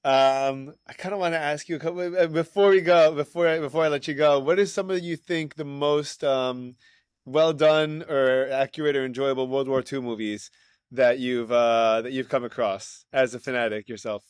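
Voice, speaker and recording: A man's voice: mid-range voice, fairly even intonation, clear, resonant tone, no echo, studio quality. A man hosting an interview, a teacher, giving short encouraging reactions and asking questions. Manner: encouraging listener with short reactions and quick laughs. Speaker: podcast host and teacher. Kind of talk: casual interview.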